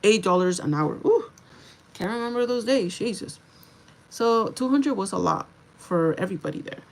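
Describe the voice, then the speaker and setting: A young woman livestreaming, telling a story to her viewers in a chatty, animated way, swearing freely and slipping into Spanish. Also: mid-range voice, normal speed, poor audio. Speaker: livestream host.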